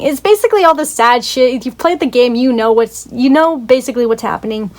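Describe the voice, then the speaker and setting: A young woman with a fairly high, darkish voice briskly retells a story for a video review. She rambles, says "like" constantly, swears, and gushes emotionally about how sad it was.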